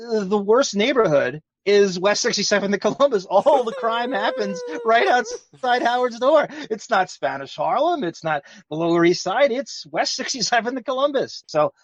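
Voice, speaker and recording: A man's voice: sits high, very animated, moderate pace, hardly any pauses, no room sound, muffled recording. A man co-hosting a comedy podcast, mocking what he hears and often laughing. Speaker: podcast co-host. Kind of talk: casual comedic commentary.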